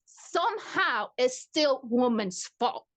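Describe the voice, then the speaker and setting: High-voiced woman pressing her point. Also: lively intonation, slow, a bit bright. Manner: pointed, persistent questioning. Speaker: podcast co-host. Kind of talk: casual podcast discussion.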